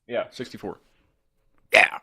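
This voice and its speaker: Man, host, from West Virginia, casual chat, bright tone, dry. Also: measured pace, no echo. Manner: chatty, laughs often. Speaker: show host. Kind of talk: casual live-show chat.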